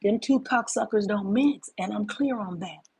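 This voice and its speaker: A woman's voice: mid-range voice, normal speed, a little mellow, slightly rough, dry recording. A woman in her fifties giving a casual spiritual monologue, emphatic and profane, often calling listeners "baby.". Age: 50s. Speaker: spiritual talk host.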